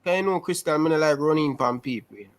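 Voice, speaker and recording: A young man with a Jamaican Patois accent, telling his life story in a casual interview over a video call, animated and repetitive. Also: on the high side, fast talker. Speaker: interview guest.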